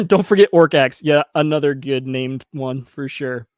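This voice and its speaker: A man in his thirties hosting a casual review show, chatty and quick to laugh, talking straight to his viewers. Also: medium pitch, no room sound, studio quality. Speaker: host reviewing crowdfunding pages. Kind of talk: casual commentary.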